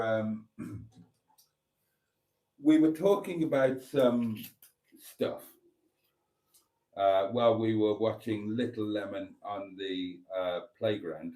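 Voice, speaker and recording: A man's voice: mid-range voice, warm tone. Guy chatting on his live stream, reads comments, laughs a lot. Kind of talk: casual live stream chat.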